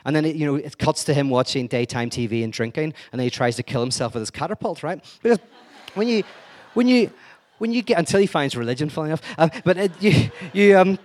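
A man giving an energetic, digressive lecture-style talk, full of wry asides and restarts. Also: a little high, quick pace, few pauses.

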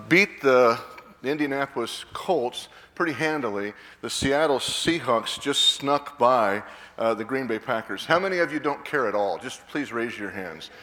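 A man's voice: medium pitch, fairly bright tone, big-room sound. A man in his sixties, a pastor preaching a sermon, emphatic, with frequent restarts and repeated words, asking his congregation questions. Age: 60s. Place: church sanctuary.

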